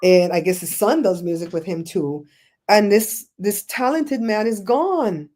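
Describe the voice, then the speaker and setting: A Belizean woman hosting a livestream, chatting in a rambling, animated way and answering viewers' comments. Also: medium pitch, a little slow. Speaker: show host. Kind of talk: casual livestream chat, reading comments.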